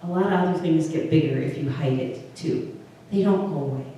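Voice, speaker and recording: Preaching in a conversational style, a woman pastor often halts and starts her phrases over, speaking fairly quickly in a deep, warm voice. She's picked up by a far-off mic in a strongly echoing room, with a faint background noise.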